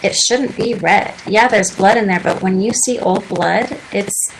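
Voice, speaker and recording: A woman's voice: mid-range voice, unhurried, background noise. Chatty young woman on a talk show. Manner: chatty, earnest storytelling. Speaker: radio show guest. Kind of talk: casual interview chat. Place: radio studio.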